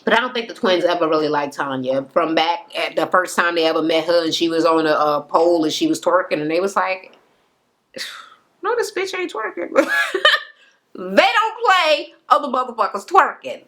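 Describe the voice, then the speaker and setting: A woman's voice: fairly low pitch, lively intonation, fairly quick, a bit bright. A young woman casually recapping a reality show in a chatty, gossipy way, full of fillers and swearing.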